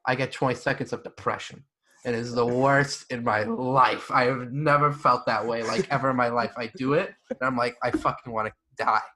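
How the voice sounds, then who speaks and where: A young man hosting a podcast in casual chat, blunt, animated and full of profanity. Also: medium pitch, moderate pace. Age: young adult. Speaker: podcast host.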